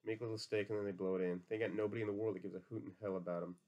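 A man voicing a tired, terse ranch worker who speaks flatly. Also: lowish voice, rapid-fire, highs cut off, natural voice. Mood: weary. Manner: flat and clipped. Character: tough weary male ranch worker, terse.

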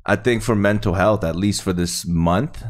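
Deep-voiced laid-back man, joking co-host. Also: moderate pace. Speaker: podcast co-host. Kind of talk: casual chat.

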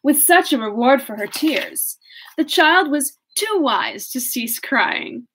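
A woman's voice: sits high, lively intonation, slow, fairly bright tone, slight background noise. A young woman reading a classic novel aloud, casually, correcting her slips and breaking off into laughing asides. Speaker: audiobook reader.

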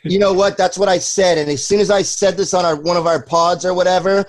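A man chatting casually on a podcast, telling loose, profane stories and putting on loud voices now and then. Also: sits high, steady tone, brisk, dry recording. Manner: loose, profane storytelling with loud put-on bits. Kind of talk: casual chat.

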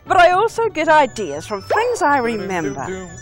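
A woman with a New Zealand accent, a children's author presenting an educational video in a slow, singsong storytelling way. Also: high-pitched, huge pitch swings, soft background music.

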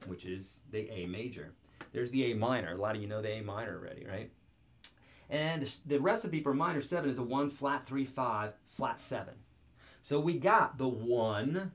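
A man's voice: mid-range voice, expressive, moderate pace. A man teaching guitar chords in an online video lesson, upbeat and joking as he talks straight to the viewer.

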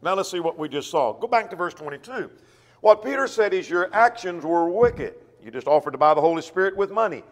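A man's voice: high voice, lively intonation, a little fast, big-room sound. A man preaching a sermon who reads scripture aloud and poses rhetorical questions to the congregation. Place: church auditorium.

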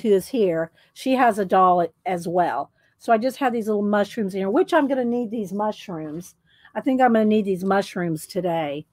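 A woman with a mid-range voice hosts a casual craft livestream, greeting viewers by name. Her talk is full of ums and frequent throat clearing.

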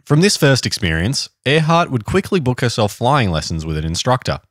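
A man's voice: mid-range voice, very animated, brisk, a bit bright, dry recording, clean studio sound. An Australian man co-hosting a podcast, telling a history story in a casual, joking chat. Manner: reads history notes, jokey asides. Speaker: podcast co-host.

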